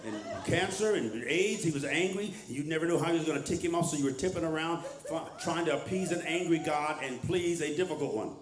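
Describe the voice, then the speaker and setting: A man's voice: a little high, fairly quick, hardly any pauses, reverberant, over music. An older male pastor preaching a conversational sermon, mixing humor with teaching and calling out to the congregation. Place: church hall with a live congregation.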